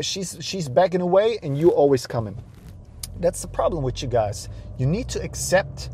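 A man's voice: fairly high pitch, dark tone, husky. A man giving blunt dating advice to camera outdoors, swearing freely and repeating phrases for emphasis. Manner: profane, preachy, repeats himself for emphasis.

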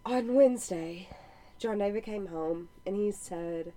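Lively storytelling mom. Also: female voice, medium pitch, unhurried. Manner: lively storyteller, drops quiet for asides. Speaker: podcast co-host. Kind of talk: casual chat.

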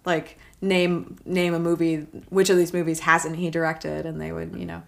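A woman in her thirties with a slightly low voice chats about films as a podcast co-host. She talks in an animated, loose way, swearing casually and trailing off into restarts. Her delivery is relaxed and conversational. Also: normal speed, vocal fry. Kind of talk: casual movie chat.

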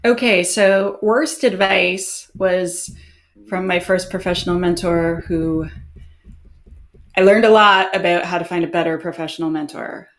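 Animated woman telling stories in an interview. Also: measured pace. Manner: animated storyteller, acts out quoted exchanges with big pitch jumps and laughs. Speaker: guest. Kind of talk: casual interview chat.

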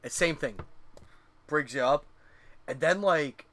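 A man's voice: on the high side, slow pace, sharp tone, dry recording. A middle-aged man co-hosting a casual chat, rambling through profane stories with lots of fillers.

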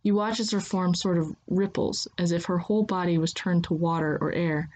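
A woman giving scripted second-person story narration in an even, steady manner. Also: lowish voice, moderate pace.

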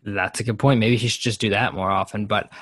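A man's voice: on the low side, steady tone, fairly quick, fairly bright tone, no room sound, clean studio sound. A young man from New Jersey co-hosting a podcast, talking casually about basketball in a laid-back, joking way with casual swearing. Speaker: podcast co-host. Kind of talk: casual sports chat.

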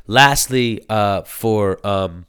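A man's voice: lowish voice, extremely slow, a bit bright, clean tone, no room sound, clean studio sound. A man in his thirties chatting casually about a show, rambling with lots of fillers and restarts. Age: 30s. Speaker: show reviewer. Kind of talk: casual chat.

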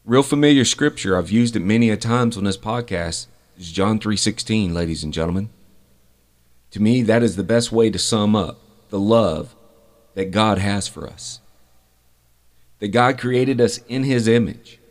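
A middle-aged man hosting a podcast, telling a faith story from his fire service days in an earnest, unhurried way. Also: fairly low pitch. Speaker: podcast host. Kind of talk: faith testimony, podcast monologue.

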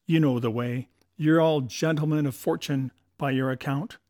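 A man voicing a menacing old pirate cook and captain, blustering in rough seafaring talk. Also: medium pitch, steady tone, normal speed, a little mellow, no echo, studio quality, natural voice. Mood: roaring.

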